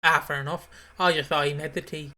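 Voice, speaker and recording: A man co-hosts a casual podcast, his voice bright and a little sharp in tone. He rambles through retellings, restarting sentences as he goes. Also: on the high side, level tone, fairly quick. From Britain. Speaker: podcast co-host. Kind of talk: casual chat.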